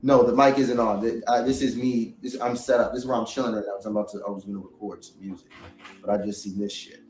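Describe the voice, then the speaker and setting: A man's voice: lowish voice, fairly even intonation, quick pace, a little mellow, reverberant, low-quality recording. A man in a heated, rambling, profane casual monologue into a studio microphone. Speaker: reaction commentator.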